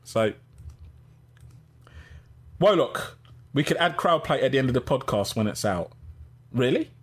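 A middle-aged man hosting a casual live-stream podcast, reading out chat and giving shout-outs. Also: mid-range voice, lively intonation, unhurried, breathy edge. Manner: chatty, gives shout-outs, laughs easily.

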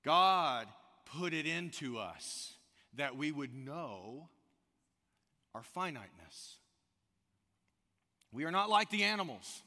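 A man preaching a sermon, telling stories with animated energy and asking the congregation direct questions. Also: on the high side, slow pace, long pauses. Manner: animated storytelling, rising to loud outbursts. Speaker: pastor. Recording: echoey hall reverb.

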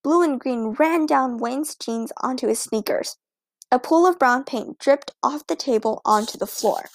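A woman reads a children's storybook aloud with lively expression. Her voice is high and has a touch of vocal fry. The recording is close and very dry. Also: a little slow, no echo. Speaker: audiobook narrator. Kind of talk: storybook narration.

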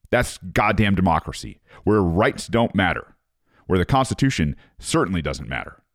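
Man, very low voice, sarcastic, swearing, reads and mocks an article, dry sound. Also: no echo. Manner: profane, sarcastic, ranting. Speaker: commentator, former Marine. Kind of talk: casual monologue reading and reacting to an article.

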